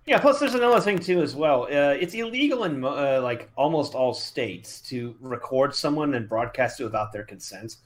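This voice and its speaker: A man's voice: medium pitch, lively intonation, moderate pace, hardly any pauses. A man co-hosting a podcast in casual chat, with dry, sardonic remarks. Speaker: podcast co-host.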